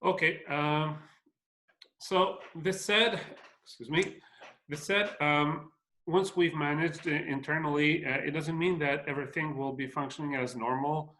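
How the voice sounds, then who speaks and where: A male moderator picks the webinar presentation back up. His voice is bright and forceful and sits slightly high, and he stumbles over his words and restarts his sentences. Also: fairly even intonation, measured pace.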